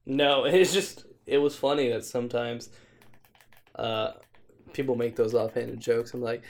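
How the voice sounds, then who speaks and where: A man's voice: medium pitch, steady tone, a little slow. A man co-hosting a podcast in casual chat, joking, laughing easily and poking fun at himself. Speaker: podcast co-host.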